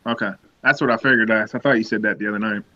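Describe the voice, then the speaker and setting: A man chatting casually on a livestream, agreeable and quick to laugh. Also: on the low side, steady tone, pushed and bright. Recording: dull lo-fi sound.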